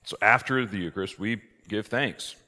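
A man, a priest, teaching a conversational church class, lively and full of rhetorical questions. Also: on the low side, normal speed. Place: church hall. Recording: long hall reverb.

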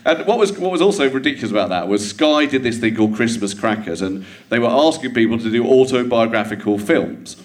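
A man's voice: mid-range voice, brisk, hardly any pauses. A middle-aged English man, a comedian guest, telling a long anecdote to a live theatre audience and acting out the quotes in it. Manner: animated storyteller who acts out quotes, builds to punchlines.

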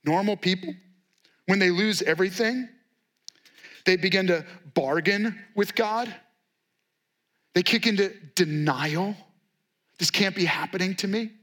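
A man preaching with a high, bright voice. He tells the story in an animated way and acts out the quotes with a sarcastic edge. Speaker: pastor. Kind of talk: sermon.

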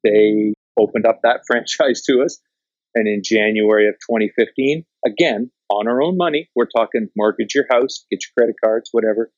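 Low-voiced man telling stories, dry and muffled. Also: moderate pace, dry recording. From Canada. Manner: animated, swears freely, acts out quotes. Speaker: documentary filmmaker. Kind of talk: casual storytelling in conversation.

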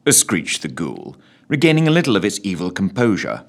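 A man narrates a comic story in a wry, mock-solemn tone. His voice sits fairly low but leaps around with huge swings of pitch. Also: huge pitch swings, normal speed, gravelly.

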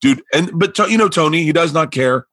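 Husky guy rambling thru a comedy club story, lots of restarts, does the voices, dry close mic. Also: a little high, fast talker, no room sound. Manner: animated, stammering restarts, acts out quoted people. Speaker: comedian guest. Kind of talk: casual storytelling.

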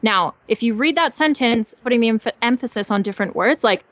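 A woman from Canada co-hosting a podcast, giving upbeat coaching on warm-up exercises in casual chat. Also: fairly high pitch, lively intonation, brisk, no echo. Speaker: podcast co-host teaching voice acting.

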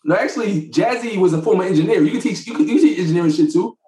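A man co-hosting a podcast, telling stories about his kids in a casual, animated way and laughing often. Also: high voice, racing, roomy sound, poor audio. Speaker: podcast co-host. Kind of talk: casual chat.

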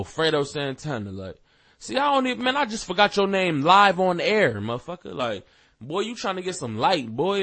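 A man's voice: a little high, a bit bright, no room sound. Profane ranting man, dry room. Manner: profane, rambling, heated, many fillers. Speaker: podcast host. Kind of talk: casual rant.

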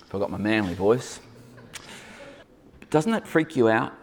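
A man preaching a lively sermon to a congregation in a church hall, teasing and joking with his listeners as he goes. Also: on the low side, slow pace, pauses often, noisy background. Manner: playful, teasing asides to the congregation.

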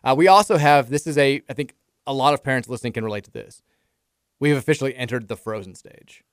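A man's voice: mid-range voice, quick pace, dry recording, studio quality. A man in his thirties hosting a sports radio show, chatting casually and telling self-deprecating stories about his family. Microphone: studio microphone.

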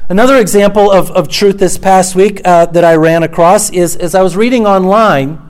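A man's voice: high-pitched, steady tone, normal speed. A middle-aged man preaching a sermon as pastor, talking conversationally and repeating phrases for emphasis.

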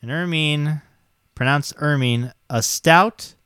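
A man's voice: fairly high pitch, takes it slowly, a bit bright, clean tone, no echo, studio quality. A young man co-hosting a casual podcast, wisecracking and laughing. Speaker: podcast co-host. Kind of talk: casual chat. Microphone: desk microphone.

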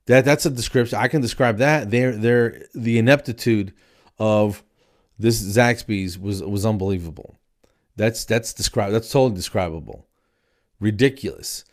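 Low-ish male comic host, worn out, exasperated, rambly. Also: moderate pace. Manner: rambling, exasperated, repeats himself. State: tired late at night. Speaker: podcast host and comedian. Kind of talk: casual stand-up style monologue.

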